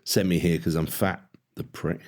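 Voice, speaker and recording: A deep-voiced man reads a friendly, plump young kitchen lad in an audiobook. He sounds easygoing and matter-of-fact, and his talk is blunt and casual. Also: fairly even intonation, moderate pace. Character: friendly tubby young male kitchen hand.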